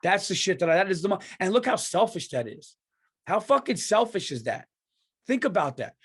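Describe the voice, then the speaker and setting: A man's voice: high voice, sing-song, moderate pace, fairly bright tone. A man hosting a comedy podcast, delivering a heated, profane and emphatic rant. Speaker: podcast host.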